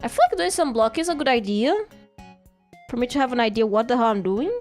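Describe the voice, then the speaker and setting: A woman's voice: a little high, animated, fast talker, a little mellow, faint music behind. A woman streaming live while drawing, chatting casually and playfully, giggling and repeating phrases to herself.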